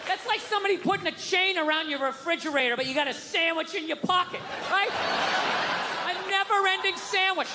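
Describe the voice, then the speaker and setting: A male stand-up comedian rants through his set, swearing freely and snapping into loud, exasperated bursts. His voice sits high, and the live recording carries audience laughter and steady background noise. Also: brisk. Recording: live show with crowd and noise.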